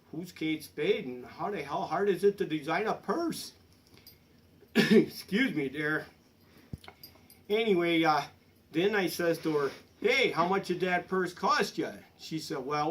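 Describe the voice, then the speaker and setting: A middle-aged man telling a rambling, folksy comic story in a deadpan manner, with a bit of a cough. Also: a little high. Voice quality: slightly coughing. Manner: folksy, rambling, peppered with "there" and "anyways". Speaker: comedic storyteller. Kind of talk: deadpan comic monologue in character.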